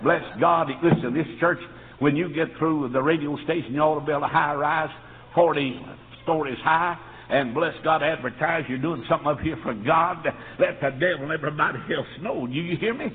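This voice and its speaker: A man preaching a revival sermon, building up to shouted peaks. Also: a little high, moderate pace. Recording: tinny lo-fi old tape in a reverberant hall.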